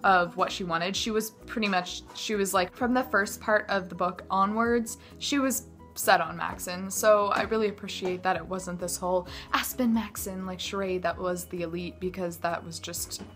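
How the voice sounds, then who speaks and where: A woman talking casually to camera as a book vlogger, animated and gushing, mocking the characters in quick asides. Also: mid-range voice, faint music behind.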